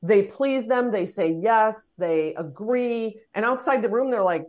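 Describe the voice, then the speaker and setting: A woman leadership consultant answering interview questions, making her points emphatically in quick repeated phrases. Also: on the high side, animated, darkish tone.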